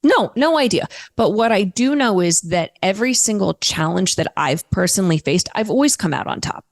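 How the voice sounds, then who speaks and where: A woman appears as a guest in a relaxed interview, speaking at medium pitch and a moderate pace. She's candid and tells her stories with liveliness, dropping the occasional swear word.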